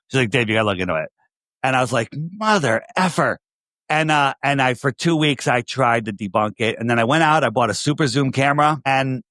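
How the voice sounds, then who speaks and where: A man's voice: mid-range voice, a bit bright, no echo, studio quality. Emphatic man with a New York accent. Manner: emphatic, repeats phrases, asks rhetorical questions. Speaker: podcast guest. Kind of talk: casual interview talk.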